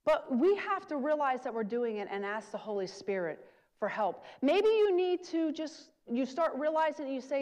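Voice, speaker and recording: High-voiced woman preaching in a hall. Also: very animated, moderate pace, darkish tone. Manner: earnest, encouraging, models prayers aloud. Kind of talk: sermon. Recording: long reverb of a large hall.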